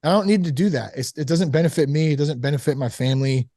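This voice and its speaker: Man, candid podcast storyteller, slightly high voice, dry close sound. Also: quick pace, dry recording. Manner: candid, animated, acts out quoted voices; frequent fillers like "like" and "you know". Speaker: sober father on a recovery podcast. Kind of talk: casual conversational storytelling.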